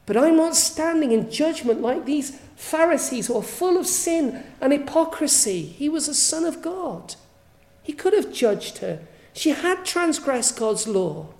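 Mellow-voiced woman preaching a sermon. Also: high voice, animated, a little slow, creaky, echoey room, rough recording. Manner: earnest, pleading, asks the listeners direct questions.

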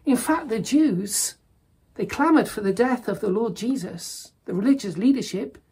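Woman preacher, husky and dark, earnest and emphatic. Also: a little high, lively intonation, moderate pace. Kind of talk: sermon.

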